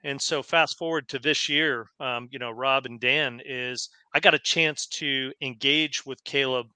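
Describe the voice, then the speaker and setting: A man's voice: mid-range voice, fairly even intonation, a little slow, bright, forceful tone, smooth, no echo. A man hosting an interview, speaking earnestly and searching for his words, with frequent fillers. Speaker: host. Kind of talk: casual interview.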